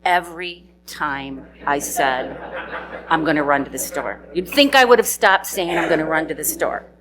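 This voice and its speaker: A woman's voice: low voice, lively intonation, normal speed, crowd noise. A middle-aged woman giving a eulogy for her husband, sharing fond, funny anecdotes and laughing through tears. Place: memorial service hall.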